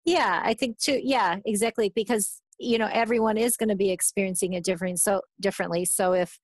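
A woman therapist gives casual conversational advice in a thoughtful but hesitant way, full of fillers and restarts. Her medium-pitched, steady voice moves fairly quickly, in a dry recording.

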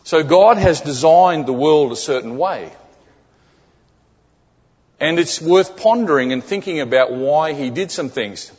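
A man's voice: on the high side, expressive, measured pace, pauses often, darkish tone, slightly rough. A man preaching a sermon in a church as a guest speaker. He keeps it conversational, checks in with the congregation often, and repeats key phrases for emphasis. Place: church sanctuary. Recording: echoey hall, dull lo-fi sound.

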